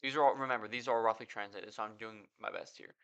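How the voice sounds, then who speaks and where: A man's voice: lowish voice, steady tone, quick pace, fairly bright tone. A man hosting a podcast, reading out translated comic panels and then giving his casual reaction to them. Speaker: podcast host. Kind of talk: casual manga reaction commentary.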